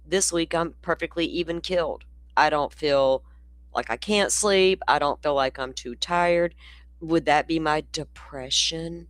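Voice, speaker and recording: The recording has no room sound, and the woman's low-pitched voice is unhurried. Hosting a laid-back livestream, she keeps yawning, sleepy as she rambles in a blunt, profane way.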